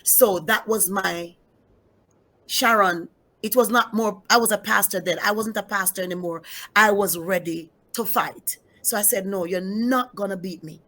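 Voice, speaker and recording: A woman's voice: medium pitch, normal speed, pushed and bright. A middle-aged woman pastor telling her personal testimony in an interview, emphatic, repeating key phrases and speaking straight to her listeners.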